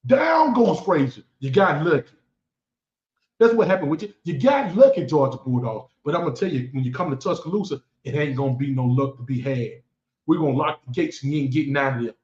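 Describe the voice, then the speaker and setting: A man's voice: mid-range voice, fairly quick, a little mellow. A man giving boastful, taunting football commentary as a fan vlogger. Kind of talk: trash-talking football commentary. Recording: echoey room, dull lo-fi sound.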